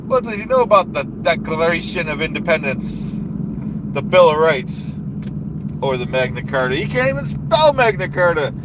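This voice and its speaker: A man's voice: a little high, big pitch swings, normal speed. A man doing a comedic in-character rant as a livestreamer, bombastic, boastful and repetitive, recorded in a car. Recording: noisy car interior.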